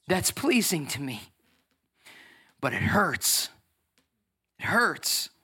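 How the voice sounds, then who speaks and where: A man in his thirties preaching a lively sermon as pastor, acting out voices and swinging from loud bursts to soft, tearful moments. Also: high voice, drawn-out words, slightly rough. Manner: energetic, acts out voices, swings from shouting to near tears.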